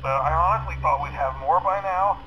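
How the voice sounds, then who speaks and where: A man's voice: on the high side, brisk, dull audio, natural voice. A man voicing a laid-back attraction manager in a recorded message, rambling with fillers and chuckles. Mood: easygoing. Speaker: recorded phone message from a boss. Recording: noisy recorded message audio.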